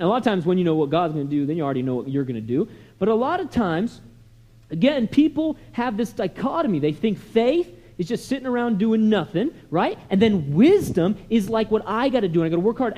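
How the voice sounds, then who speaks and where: A man preaching with a high, mellow voice that leaps around in pitch. He tells stories in a chatty way, full of asides, then rises into loud, emphatic lines. A lively, animated delivery. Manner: conversational storytelling with many "you know" and "right?" asides. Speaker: pastor. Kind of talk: sermon.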